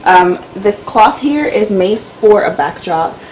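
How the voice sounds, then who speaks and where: A woman's voice: medium pitch, expressive, slow pace, darkish tone, a little hiss or hum, rough recording. A woman vlogger giving a casual tour of her home office and filming room, chatty and loose with lots of fillers. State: out of breath. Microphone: camera-mounted mic.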